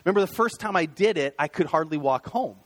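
A man's voice: on the high side, expressive, fast, fairly bright tone. A man in his thirties preaching a casual, conversational sermon as a pastor, full of fillers and acted-out inner thoughts. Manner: conversational, many fillers and restarts, acts out inner voices.

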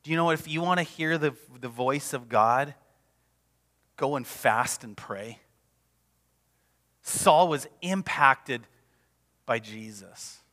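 A man's voice: mid-range voice, slow pace, pauses often. Passionate preacher man in a reverberant hall. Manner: passionate, emphatic preaching with sudden drops to a hush. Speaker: pastor. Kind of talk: sermon. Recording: long reverb of a large hall.

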